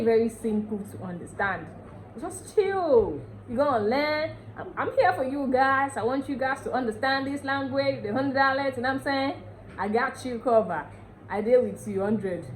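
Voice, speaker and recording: A woman with a Nigerian accent teaching dialect words in a casual lesson, chatty and repeating each word slowly for drilling. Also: high voice, a little hiss or hum, rough recording.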